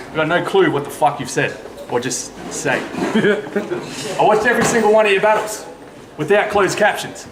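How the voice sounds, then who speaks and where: A man's voice: high-pitched, echoey room, background noise. A man performing mocking battle rap verses full of punchlines aimed at his opponent. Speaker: battle rapper.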